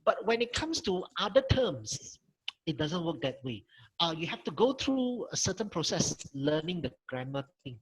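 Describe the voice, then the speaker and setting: A middle-aged man with a Malaysian English accent, a Mandarin lecturer, teaches an online workshop over a video call, patiently repeating points and modeling tones. His fairly high voice is very animated at normal speed. The low-quality recording carries a little hiss or hum.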